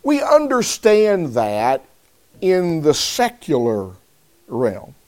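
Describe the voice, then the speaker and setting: A man preaching a sermon, speaking deliberately and calling on listeners by name. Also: fairly high pitch, wildly swooping pitch, darkish tone.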